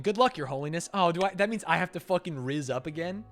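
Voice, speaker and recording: A man's voice: a little high, very animated, moderate pace, fairly bright tone, soft background music. A man streaming a game live. He reads the game text aloud, swears, laughs often, and reacts with a lot of energy. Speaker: gaming streamer.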